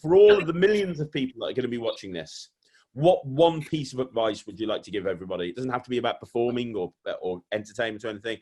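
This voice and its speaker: A man's voice: mid-range voice, lively intonation, fast talker, darkish tone. A man hosting a casual interview, gushing with effusive praise for his guest. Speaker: podcast host.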